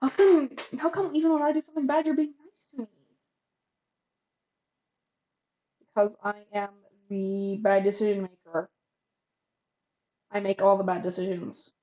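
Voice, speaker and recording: A woman's voice: mid-range voice, normal speed, mellow, muffled recording, natural voice. A woman voicing a shy, anxious young woman who talks hesitantly and formally.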